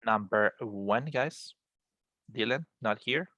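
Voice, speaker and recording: A man's voice: medium pitch, slow pace, sharp tone, dry recording, lo-fi sound. A man teaching an English class over a video call, encouraging his students and often repeating words as he explains.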